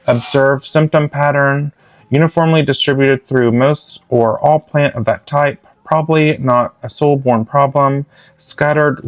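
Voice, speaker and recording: A man's voice: mid-range voice, no room sound. A man teaching a gardening class, reading slide bullet points aloud in clipped fragments. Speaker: master gardener instructor.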